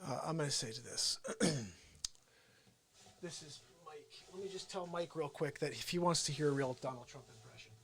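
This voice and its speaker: A man with a New Jersey accent hosting an unscripted live stream, chatting with viewers in an energetic, rambling way. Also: a little high, moderate pace. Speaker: live-stream show host.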